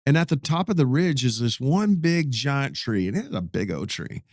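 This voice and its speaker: Man, 50s, pastor, casual interview storytelling, folksy, animated, repeats words, mid pitch, dry close recording. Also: normal speed, no echo.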